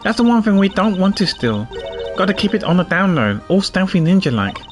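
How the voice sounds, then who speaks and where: A man voicing a brash, excitable young female thief in game dialogue. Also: sits high, fairly quick, faint music behind. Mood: scheming.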